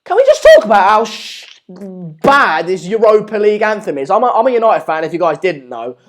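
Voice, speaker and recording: A man's voice: sits high, sing-song, a little fast, slight background noise. A man with an English accent hosting a live stream, chatting casually and reading out viewer comments in a rambling, jokey, self-deprecating way. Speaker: livestream host.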